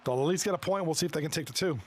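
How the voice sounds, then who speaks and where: A man giving live commentary on a video game hockey league, reacting excitably to plays and chatting with his viewers. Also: a little high, a little hiss or hum. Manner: excitable, quick reactions to plays, chuckles often; chats with viewers between plays.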